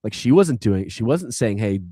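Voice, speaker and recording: A man's voice: mid-range voice, expressive, moderate pace, darkish tone, no echo, studio quality. A man on a podcast retelling a video game story in a casual, rambling way, full of likes and restarts. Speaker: podcast co-host.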